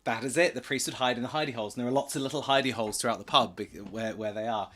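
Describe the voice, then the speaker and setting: A man's voice: mid-range voice, racing, fairly bright tone. A man giving a casual, rambling slideshow presentation for a charity stream, full of jokey asides and self-corrections.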